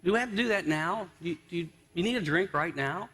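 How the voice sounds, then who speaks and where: A man's voice: high-pitched, animated, a little fast, sharp tone, husky, exaggerated voice. A man putting on a curt, busy wife. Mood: dismissive. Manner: curt, dismissive. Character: reluctant busy wife, middle-aged woman.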